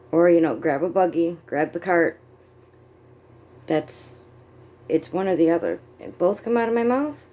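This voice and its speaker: A woman's voice: deep voice, dark tone. A middle-aged woman from the United States chatting casually on her vlog, rambling and self-amused while she crochets and glances at her notes. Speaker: vlogger. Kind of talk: casual chat.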